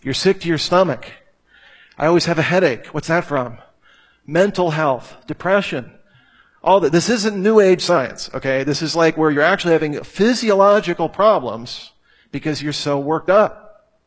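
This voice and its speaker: Man, sermon, emphatic preacher, repeats phrases, slightly high voice. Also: expressive, moderate pace. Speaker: pastor. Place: church hall with a live audience.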